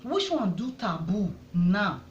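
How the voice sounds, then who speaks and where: A vlogger from Edo State with a Nigerian accent speaks straight to the camera, pleading and indignant as she fires off rhetorical questions. Her medium-pitched voice is very animated but slow, with slight background noise, and the recording sounds dull in an echoey room.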